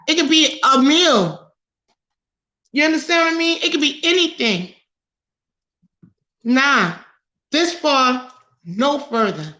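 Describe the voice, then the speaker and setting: A woman hosting a talk show, animated and preachy, overheated and sweating under studio lights. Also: sits high. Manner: animated, preachy, laughs a lot. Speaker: podcast host. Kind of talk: casual talk-show discussion.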